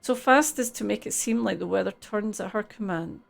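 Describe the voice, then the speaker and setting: A woman's voice: mid-range voice, normal speed, creaky, soft background music. A woman streaming a game live, chatting casually, laughing easily and reading the game's text aloud.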